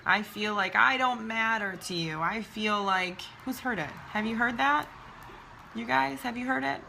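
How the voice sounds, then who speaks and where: A woman's voice: mid-range voice, vocal fry, bright, forceful tone, a little hiss or hum. A woman giving a chatty, emphatic motivational talk to her followers, often calling them "you guys".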